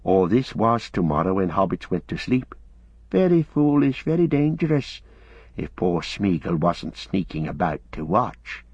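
A man's voice: low-pitched, very animated, measured pace, darkish tone, slightly rough, no echo, heavily acted. A man voicing a sly, wretched, shrunken creature who hisses and whines in sing-song repetitions, on a dull lo-fi recording.

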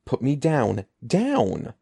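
A man voicing a panicked twelve-year-old boy in a storybook reading, pleading in a shrill, frantic way. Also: huge pitch swings, drawn-out words, creaky, warm tone, breathy edge, exaggerated voice. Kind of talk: storybook character voice.

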